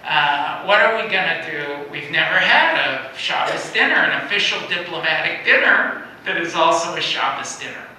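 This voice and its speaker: A man's voice: on the high side, normal speed, bright, forceful tone. A middle-aged man giving a storytelling talk at a synagogue, acting out quoted voices with animation. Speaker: guest speaker. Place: synagogue hall. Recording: echoey hall, distant mic, faint noise.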